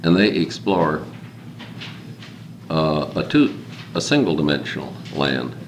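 A man with a very low, animated voice takes his time leading a small group in an informal, reflective talk. He rambles, building his points by repeating "consider" for emphasis. Echo and a faint background hiss fill the recording.

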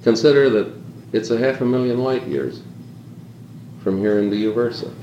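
A man's voice: medium pitch, normal speed, mellow, dull audio. A man leading an informal talk to a small group, reflective and rambling, stacking up repeated calls to "consider" as he goes. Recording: echoey room with faint hiss.

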